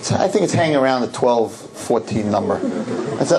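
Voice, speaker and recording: A man giving a humorous, animated talk to a live audience, full of rapid asides and repeated words. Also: mid-range voice, a little hiss or hum. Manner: animated, joking, rapid-fire asides and repetitions. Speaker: rabbi giving a public talk.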